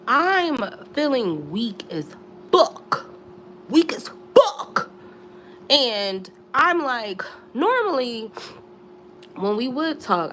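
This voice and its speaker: A woman's voice: mid-range voice, vocal fry, a bit bright, slight background noise. A young woman telling a storytime on a live stream at home, slangy and chatty, with many asides. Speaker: storytime vlogger.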